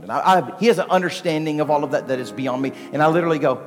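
A man preaching a sermon as pastor, animated and moving between quiet talk and shouting. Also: on the high side, very fast, hardly any pauses. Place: church sanctuary. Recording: long hall reverb with faint music.

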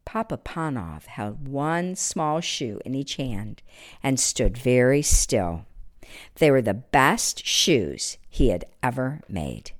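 A woman reading a Christmas story aloud, expressive, sometimes dropping to a near-whisper. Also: extremely low pitch, takes it slowly.

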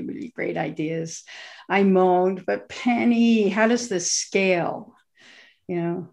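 A middle-aged woman hosting a podcast, introducing her guest in an earnest, searching way, with fillers and restarts. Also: mid-range voice. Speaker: podcast host.

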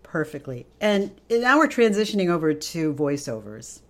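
A woman interviewing a guest, asking unhurried, encouraging questions. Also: low voice, sing-song. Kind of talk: conversational interview.

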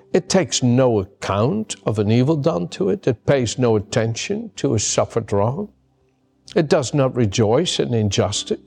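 A male pastor preaches in an earnest, emphatic way, and his voice has a gravelly edge. He sits at an ordinary middle pitch and hammers home points by saying them twice. Soft music plays low behind him. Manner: earnest, emphatic, repeats key words. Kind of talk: sermon with personal story.

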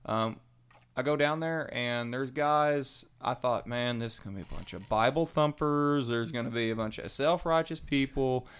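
A man telling his recovery story in casual, animated talk, acting out the voices of people he quotes. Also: medium pitch, normal speed, clean tone. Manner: animated, acts out quoted voices, Southern colloquial.

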